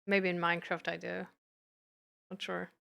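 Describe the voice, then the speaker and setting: A woman's voice: fairly low pitch, completely flat delivery, moderate pace, creaky, pushed and bright. A young woman from Germany with a light German accent, chatting casually with her live-stream audience and laughing often. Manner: giggly, chatty, reacts to chat.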